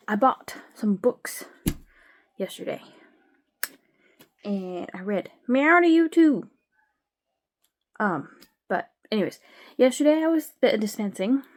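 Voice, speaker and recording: A woman chatting casually to camera at home, rambling with sighs and frequent fillers. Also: mid-range voice. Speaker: vlogger. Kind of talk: casual chat.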